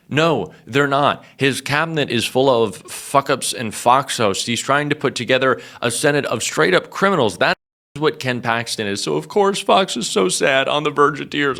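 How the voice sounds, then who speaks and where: A man hosting a political commentary show, mocking and profane, with quick asides. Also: medium pitch, creaky, sharp tone.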